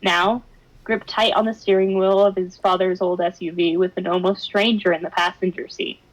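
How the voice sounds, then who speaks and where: A woman's voice: on the low side, little pitch movement, moderate pace, dull audio. A young woman streamer reading fan fiction aloud with drama, breaking into laughs and wry side comments. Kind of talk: expressive narration with laughing asides.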